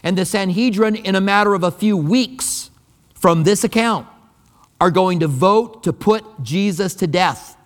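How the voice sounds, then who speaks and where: A man's voice: sits high, unhurried. A pastor preaching a sermon in a conversational, emphatic way, often repeating his key phrases. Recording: long reverb of a large hall.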